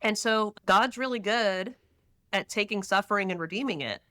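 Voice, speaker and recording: A middle-aged woman from Texas talks as a podcast guest, animated and storytelling. Her voice sounds bright and smooth, and the recording is dry and close. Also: medium pitch, moderate pace, no echo. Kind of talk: casual conversational interview.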